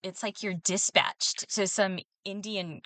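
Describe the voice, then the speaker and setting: A woman's voice: medium pitch, steady tone, slow, fairly bright tone, dry recording. A woman co-hosting a podcast, telling a story in casual chat with lots of ums and laughs. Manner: storytelling with frequent fillers and laughs. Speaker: podcast co-host.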